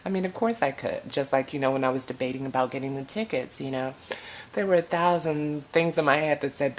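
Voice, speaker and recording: A young woman with a low, deep-set voice talks straight to the camera in a casual vlog. She rambles and swears freely, leaning hard on her points. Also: a little fast, a little hiss or hum. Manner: emphatic, profane, rambling. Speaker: vlogger.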